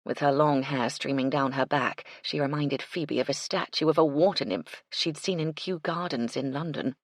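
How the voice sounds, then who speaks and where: A woman narrating a mystery audiobook in an expressive storytelling manner, on a close mic. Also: low-pitched, normal speed, dry recording. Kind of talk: scripted narration.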